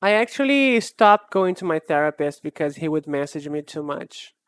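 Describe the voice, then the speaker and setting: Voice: mid-range voice, animated, normal speed, clear, resonant tone, no echo. An art streamer in casual live-stream chat, rambling and self-deprecating, often laughing and restarting sentences.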